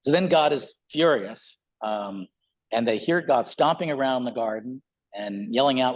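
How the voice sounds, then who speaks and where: Husky male pastor, casual sermon. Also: medium pitch, normal speed, dull audio. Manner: conversational, relaxed, with fillers. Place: church.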